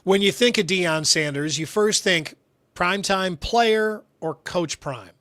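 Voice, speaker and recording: Man, sports talk regular, playful, higher voice, dry studio, faint music. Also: measured pace, bright, forceful tone, dry recording. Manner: playful, jokey. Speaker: radio show regular.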